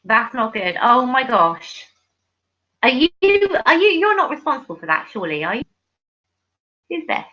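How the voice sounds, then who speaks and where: A woman hosting a casual livestream over a video call, excitable, reading chat aloud and laughing often. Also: on the high side, moderate pace, long pauses, highs cut off. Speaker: livestream host. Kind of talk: casual live-stream chat.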